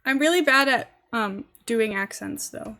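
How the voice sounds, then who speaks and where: A young woman with a posh English accent chats casually and giggles while live-streaming a game. Her voice is fairly high and sharp, and she speaks unhurriedly.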